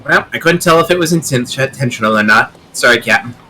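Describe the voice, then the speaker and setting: A man playing a tabletop game, talking in an animated, joking way. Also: medium pitch, fast, slight background noise. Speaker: player.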